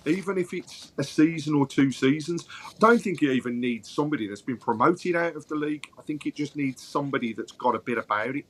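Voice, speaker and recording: A man on a podcast panel, giving long, measured explanations of his views in a casual football chat. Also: a little high, fairly bright tone.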